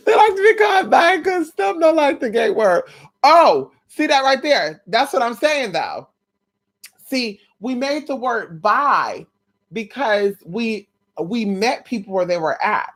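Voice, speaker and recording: Late at night at home, a woman vlogs to her viewers in a sassy, blunt, playful way, calling them honey and sis. Her voice sits at a medium pitch, and the talk is casual.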